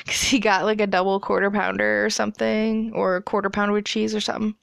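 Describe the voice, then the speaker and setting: A woman's voice: mid-range voice, little pitch movement, fast talker, creaky, no echo, studio quality. A woman in her twenties casually telling a story, chatty and profane, laughing as she goes. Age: 20s.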